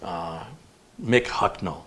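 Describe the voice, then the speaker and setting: A man's voice: sits low, takes it slowly. Chatty middle-aged man rambling animatedly. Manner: animated, rambling storyteller with fillers. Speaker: host. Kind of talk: casual livestream chat.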